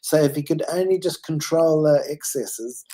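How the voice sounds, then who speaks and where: A man's voice: on the high side, normal speed, warm tone. A man talking in a casual online chat, rambling and hesitant as he recalls events.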